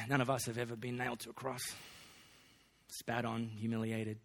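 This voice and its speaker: A man's voice: mid-range voice, flat delivery, normal speed, vocal fry, a bit bright. A man, preaching a sermon in a folksy, joking way full of slang. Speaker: pastor.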